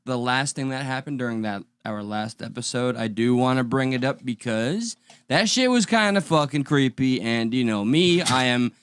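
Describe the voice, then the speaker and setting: A man's voice: mid-range voice, expressive, normal speed, fairly bright tone, smooth, no echo. A man co-hosting a podcast, chatting casually in a wry way, with some hesitant restarts. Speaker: podcast co-host. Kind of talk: casual chat.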